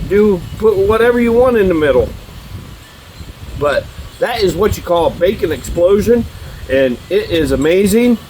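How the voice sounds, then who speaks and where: Slow-talking, excitable grill shop man. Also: high voice, slight background noise, rough recording. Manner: enthusiastic, drawn-out exclamations of delight; talks while chewing. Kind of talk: casual cooking demo and taste test.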